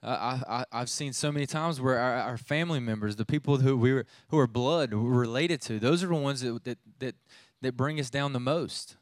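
A man's voice: mid-range voice, brisk, hardly any pauses, no echo. A youth pastor in his thirties preaching a sermon, telling a family story in a conversational way with many restarts.

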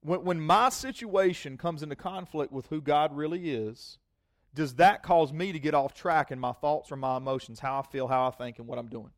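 A man's voice: a little high, moderate pace, dry recording, studio quality. A man preaching a sermon, telling a personal story in a rambling, self-mocking way, often repeating words and acting out both sides of a conversation. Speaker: pastor.

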